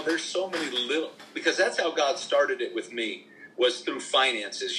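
A middle-aged man, a minister, telling faith stories in an animated, emphatic preaching style as a podcast guest. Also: medium pitch, slight background noise, rough recording. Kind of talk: conversational preaching testimony.

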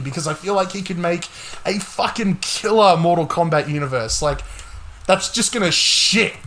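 A young man hosting a casual gaming podcast, talking excitedly and swearing a lot. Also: on the high side. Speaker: podcast host.

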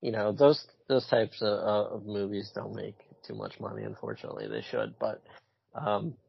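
A man co-hosting a casual podcast about comic-book films, animated and blunt, swearing often and repeating himself as he talks. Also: lowish voice, moderate pace, vocal fry, breathy edge. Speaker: podcast co-host. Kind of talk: casual chat. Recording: dull lo-fi sound.

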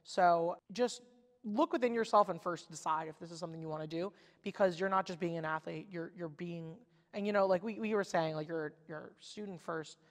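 A woman's voice: lowish voice, a little fast, long reverb tail. A woman in her twenties, a guest on a casual podcast, talking in a chatty way with lots of "like" fillers. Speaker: podcast guest, former college softball pitcher. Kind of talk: casual chat.

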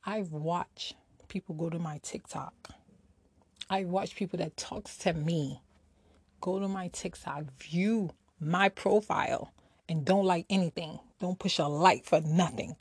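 A woman's voice: lowish voice, unhurried, breathy edge, no echo. A middle-aged woman ranting candidly in a casual personal vlog, slightly out of breath, tossing in rhetorical asides. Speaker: vlogger.

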